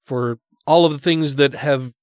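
A man's voice: medium pitch, a little slow, no echo, clean studio sound. A man co-hosting a casual podcast, joking, laughing often and swearing. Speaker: podcast co-host.

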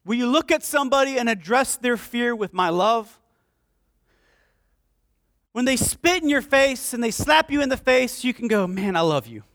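High-voiced man preaching with passion. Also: moderate pace, long pauses, no echo, clean studio sound. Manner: impassioned preaching, swinging from shouts to hushed pleas. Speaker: pastor. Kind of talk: sermon.

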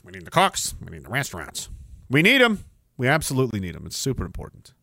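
A man's voice: medium pitch, wildly swooping pitch, fast, gravelly, sharp tone, no room sound, clean studio sound. A young adult man hosting a podcast, ranting sarcastically with profanity and rambling asides. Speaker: podcast host. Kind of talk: casual ranting commentary.

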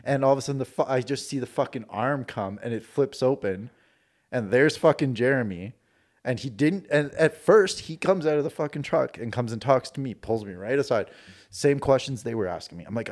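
Speaking briskly at medium pitch, a man from Canada tells a personal story as a guest on a podcast. He's profane and animated, performing the quoted dialogue in a casual way.

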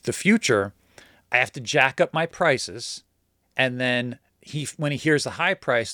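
A man casually telling a personal story in a lively way, mimicking the people he quotes. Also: mid-range voice, dry recording, studio quality. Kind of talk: casual anecdote.

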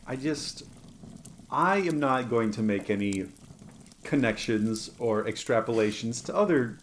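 A woman's voice: very deep voice, lively intonation, a little slow, a little hiss or hum. A woman co-hosting a casual podcast, reacting with laughter and swearing. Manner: loud laughing reactions, profane. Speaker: podcast co-host.

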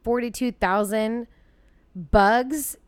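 A woman with a slightly high, clear voice, chiming in on a casual podcast with blunt, joking remarks and some swearing. She sounds close and dry. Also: extremely slow, dry recording. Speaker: podcast co-host. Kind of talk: casual true-crime chat.

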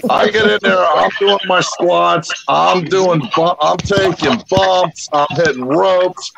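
A man's voice: sits high, takes it slowly, vocal fry. A man on a podcast, animatedly telling stories with punchlines in casual chat. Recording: noisy podcast recording.

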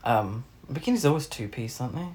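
Woman co-host with a low, lively voice, chatty and exasperated. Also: fast. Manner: chatty, exasperated, laughs often. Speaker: podcast co-host. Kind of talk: casual chat.

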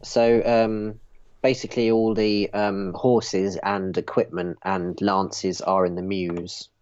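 A man narrates as game master of a tabletop game, pausing often with fillers. His voice sits low, and the recording is dull and lo-fi. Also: flat delivery, darkish tone, smooth. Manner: halting, full of fillers.

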